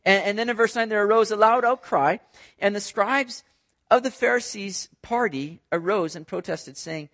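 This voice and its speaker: Conversational pastor with a high voice, walks the congregation through scripture. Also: male voice, normal speed. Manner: conversational, animated, repeats words. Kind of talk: expository sermon.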